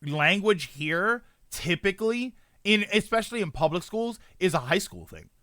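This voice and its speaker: A man's voice: sits high, very animated, moderate pace, bright, forceful tone, no room sound, studio quality. A man streaming live, chatting casually and rambling as he answers his chat and corrects himself often.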